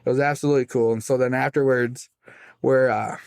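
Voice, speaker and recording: A man, a guest pitmaster, telling his story in casual, animated chat on a studio podcast. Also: medium pitch, fairly quick, clean tone, no room sound. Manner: animated, acts out voices in his stories.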